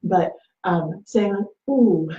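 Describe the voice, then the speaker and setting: Lowish mellow woman chatting advice, lots of "like" and "right?", echoey room. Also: fairly quick, a little hiss or hum. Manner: chatty, many fillers, acts out quoted lines. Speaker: host. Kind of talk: casual advice talk. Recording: echoey room, dull lo-fi sound.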